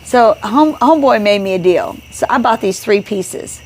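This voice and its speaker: A woman's voice: medium pitch, normal speed, slight background noise. A woman co-hosting a casual podcast chat at home. She tells stories with energy and acts out what each person said. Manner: animated storyteller acting out quoted dialogue. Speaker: podcast co-host.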